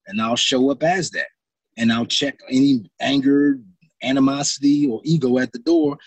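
A man's voice: mid-range voice, husky, no room sound. A middle-aged man, an actor, telling stories in an interview and acting out his own reactions. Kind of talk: interview storytelling.

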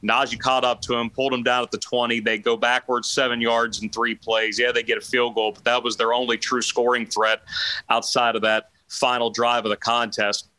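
A man talking through football plays with a bright, forceful tone and a fairly flat delivery. He lays out the details one by one, recorded dry and close. He sounds like a co-host of a sports talk show. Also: mid-range voice, normal speed, dry recording, rough recording. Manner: steady, detailed breakdown of plays. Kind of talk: analytical sports chat.

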